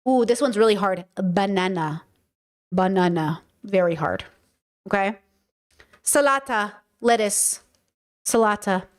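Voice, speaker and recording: A woman's voice: mid-range voice, unhurried, long pauses. An American woman hosting a casual livestream, playful and chatty, swearing freely and repeating words for emphasis. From United States. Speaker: host.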